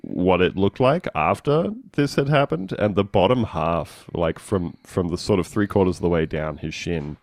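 A man co-hosting a casual comedy podcast, telling stories in a wry, deadpan way. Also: deep voice, normal speed, few pauses, no echo, studio quality. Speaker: podcast co-host.

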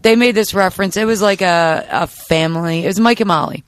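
A woman's voice: mid-range voice, fairly quick, smooth, no echo. A woman co-hosting a podcast, telling rambling stories full of "like". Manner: chatty, rambling, peppered with "like". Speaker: podcast co-host. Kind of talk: casual chat.

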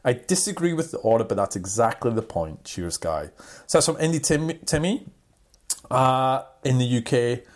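Lively man cohosting a podcast. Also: mid-range voice, normal speed. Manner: animated, laughs often, jumps between topics. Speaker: podcast co-host. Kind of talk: casual banter podcast.

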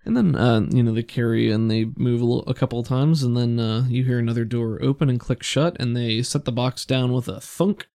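A man narrates a tabletop game as game master. His voice is gravelly and sits at an ordinary pitch. He talks in a relaxed, halting way, with lots of ums and restarts. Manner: relaxed, halting, full of fillers.

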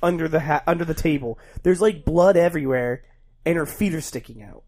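A man co-hosting a casual movie recap, joking and laughing often with quick asides. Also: a little high, a little mellow. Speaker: podcast co-host.

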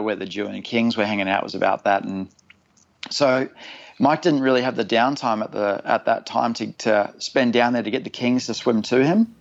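A man telling a rambling, animated story in casual chat, laughing through it. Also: fairly low pitch, muffled recording.

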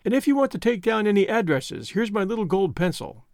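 Guy doing a sweet genial young woman, higher voice, dry close sound. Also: lively intonation, fairly quick, dry recording. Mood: gently charming.

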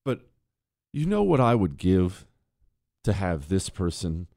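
A male talk radio host delivers a sarcastic, ranting monologue. His pitch swings widely, and his voice sits close and dry on the mic. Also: big pitch swings, takes it slowly, creaky, a little mellow, no echo.

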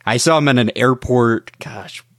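A man hosting a casual podcast, speaking at an ordinary pitch. His questions ramble along with loose fillers. The sound is dry and close. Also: unhurried, a bit bright, no echo. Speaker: podcast host.

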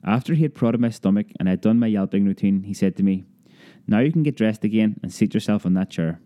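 A man reading a childhood memoir aloud as an audiobook, lively storytelling that raises his pitch for a child's cries. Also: fast, highs cut off. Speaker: narrator.

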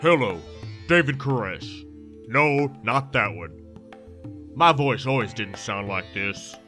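A man playing a hammy infomercial pitchman with a put-on Texan drawl. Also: expressive, takes it slowly, bright, forceful tone, soft background music. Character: gravelly southern male cult-like water salesman.

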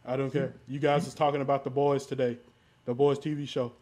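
A man's voice: medium pitch, little pitch movement, fairly quick, a little mellow, close to an everyday voice. A man doing a comedic impression of a blustering, boastful older male president, repeating himself insistently. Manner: repetitive, insistent, bragging. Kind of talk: comedic impression in casual chat.

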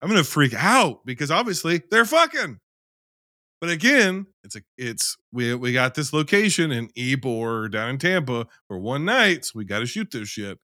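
A man co-hosting a casual film podcast, talking in a loose, animated way, swearing and acting out scenes as he argues his view. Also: medium pitch, normal speed, no echo, studio quality. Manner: animated, profane, acts out scenes in quotes. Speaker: podcast co-host.

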